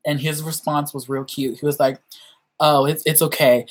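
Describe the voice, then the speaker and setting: A young woman vlogger telling stories in a casual, animated way, acting out quoted voices with big jumps in pitch and laughing often. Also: normal speed. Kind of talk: casual storytelling chat.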